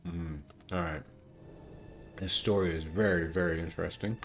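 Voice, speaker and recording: A man's voice: low voice, fairly even intonation, normal speed, a bit bright, faint music behind. A man giving casual, jokey commentary while playing a game. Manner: chatty, jokey, thinks aloud. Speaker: gaming streamer.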